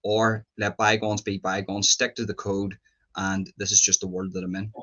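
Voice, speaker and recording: A man interviewing a guest, asking his questions haltingly and restarting often. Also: lowish voice, monotone, pushed and bright. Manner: searching for words, restarts often.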